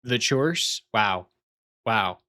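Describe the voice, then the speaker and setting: A man's voice: lowish voice, expressive, very slow, bright, forceful tone, no echo. A man streaming live, bantering with his chat in a playful, mock-serious way.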